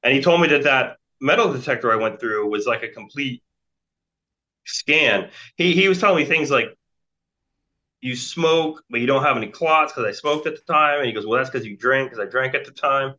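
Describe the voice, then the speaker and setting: A man's voice: medium pitch, normal speed, sharp tone. An American man in his forties telling a long story as a guest, rambling with many fillers and restarts. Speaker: interview guest. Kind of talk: casual storytelling. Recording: dull lo-fi sound.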